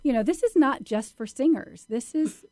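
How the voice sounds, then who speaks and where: A woman's voice: high-pitched, lively intonation, normal speed, mellow. A woman hosting a podcast interview, asking questions and laughing along with her guest. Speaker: podcast host. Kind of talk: casual interview chat.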